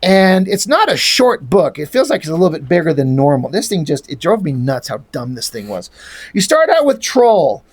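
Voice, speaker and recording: A man's voice: on the high side, huge pitch swings, moderate pace, husky. A man reviewing a comic book in casual talk, rambling, exasperated and swearing freely.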